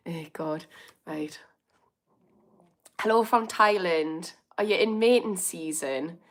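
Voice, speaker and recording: Brummie woman in her 30s chatting on a live stream, fairly low voice, laughs a lot while she reads comments. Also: slow, long pauses. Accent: Birmingham. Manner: chatty, laughs often, reacts to comments with amused indignation. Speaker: recovery coach hosting a livestream. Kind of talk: casual livestream chat reading comments.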